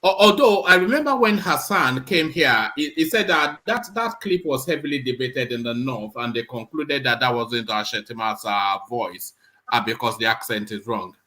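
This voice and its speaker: Bright, measured male panelist. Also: medium pitch, animated. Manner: measured, hesitant, many fillers. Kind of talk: panel discussion.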